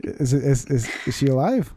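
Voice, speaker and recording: Rambling male livestream host, dark voice. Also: mid-range voice, lively intonation, normal speed, slightly rough. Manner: rambling, laughs often, reads chat aloud. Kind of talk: casual live stream chat.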